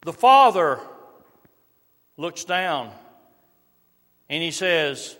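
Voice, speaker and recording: A middle-aged man preaching a sermon, reading scripture and dropping to soft, slow emphasis on key lines. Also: high-pitched, very animated. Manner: varies loudness widely, drops to soft slow emphasis. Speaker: pastor. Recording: long reverb of a large hall.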